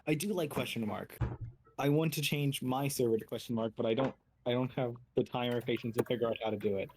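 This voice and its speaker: A man's voice: medium pitch, fairly even intonation, fast talker, background noise. Rambling male tabletop player. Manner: rambling, hesitant, many fillers. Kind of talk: casual chat during a tabletop game.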